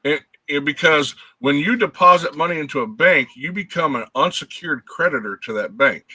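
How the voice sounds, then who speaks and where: A man telling a story in a casual chat, halting and restarting his words. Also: a little high, sharp tone, breathy edge, no echo, distant mic.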